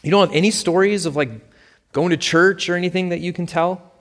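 A man's voice: sits high, fairly quick, voice pushed up, lightly acted. A man voicing a careful, offhand male attorney who chooses his words with hesitation in a storybook reading, with long hall reverb. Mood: measured.

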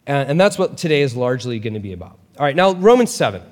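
A man preaching a sermon as a pastor, talking in a casual, animated way with quick asides. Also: mid-range voice, long reverb tail.

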